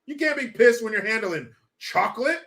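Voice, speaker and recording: A man's voice: extremely high pitch, expressive, normal speed, fairly bright tone. Profane ranting male streamer. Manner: profane, ranting, laughs often. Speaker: live stream host. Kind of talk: casual livestream commentary reading chat.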